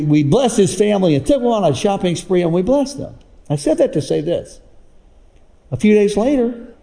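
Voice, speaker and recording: A man with a fairly high but dark, mellow voice preaching a sermon. He tells stories and keeps calling on the congregation to answer, his pitch leaping up for emphasis. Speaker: pastor. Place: church across several campuses.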